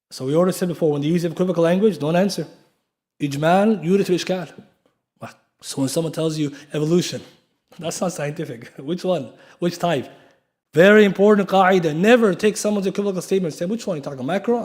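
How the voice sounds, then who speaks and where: A man teaches a class in a mosque, talking quickly in a slightly high voice. He is emphatic, often asks his listeners rhetorical questions, and spells out key terms letter by letter. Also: darkish tone. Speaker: Islamic lecturer. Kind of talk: classroom lecture. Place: mosque lecture room.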